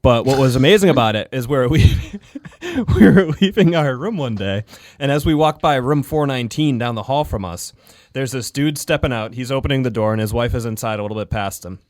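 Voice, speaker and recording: A man's voice: medium pitch, lively intonation, a little fast, darkish tone, no echo. A man co-hosting a casual podcast chat, telling rambling anecdotes and laughing often. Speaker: podcast co-host.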